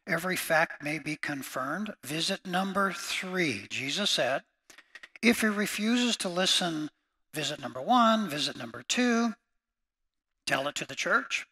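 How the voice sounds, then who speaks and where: A man's voice: high voice, bright, forceful tone. A man preaching a sermon as pastor, emphatic and repeating each point as he addresses his listeners as friends.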